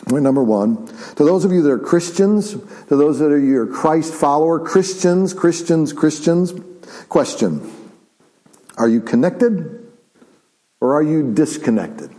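A man preaching a sermon as pastor, chatty, with lots of restarts and tag questions, slowing down and quieting for solemn points. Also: fairly high pitch, lively intonation, rough recording. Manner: conversational with repeated restarts and "right?" asides; drops to slow, quiet, drawn-out delivery for solemn points.

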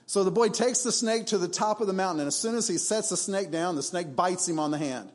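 A man's voice: high-pitched, a little fast. A male pastor preaching a sermon in a church, emphatic and conversational, with rhetorical questions.

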